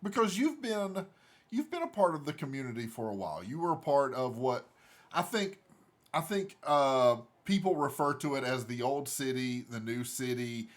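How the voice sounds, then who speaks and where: A man's voice: medium pitch, animated, normal speed. A man hosting a casual interview who asks meandering questions with many restarts. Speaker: interview host.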